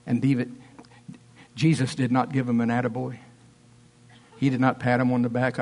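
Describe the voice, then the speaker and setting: A man's voice: mid-range voice, completely flat delivery, moderate pace, pauses often, darkish tone. A man preaching a sermon, telling stories with animation and acting out the people he quotes.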